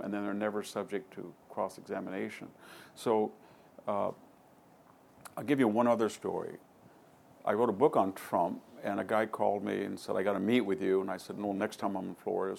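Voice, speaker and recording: A man's voice: lowish voice, vocal fry, darkish tone. A man answering an audience question in a lecture hall, telling anecdotes and acting out quoted dialogue. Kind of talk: conversational Q&A storytelling.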